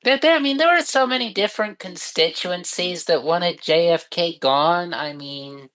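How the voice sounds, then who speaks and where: A woman chatting casually as a co-host, with dry, deadpan humor and stumbling restarts. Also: on the low side, moderate pace, rough recording. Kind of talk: casual chat.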